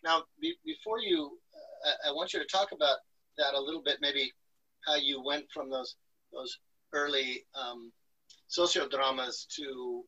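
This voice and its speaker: A man moderating an online gathering in halting, filler-laden academic phrases. His voice is husky yet very bright and sharp, caught by a distant video-call mic. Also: mid-range voice, fairly even intonation, dull audio. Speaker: host.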